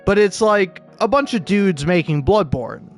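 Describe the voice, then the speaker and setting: A man's voice: high-pitched, expressive, a little slow, faint music behind. A young man casually commentating on a video game, sarcastic and profane, rambling and stammering through his thoughts. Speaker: gameplay commentator.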